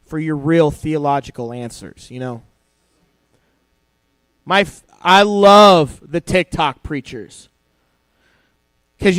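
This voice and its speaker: A young male youth pastor with a fairly high voice preaches in a loose, joking way, acting out quotes as he tells his stories. The sound is dry and close, with little room around it. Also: clear, resonant tone, no echo. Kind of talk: youth sermon. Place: church youth service hall.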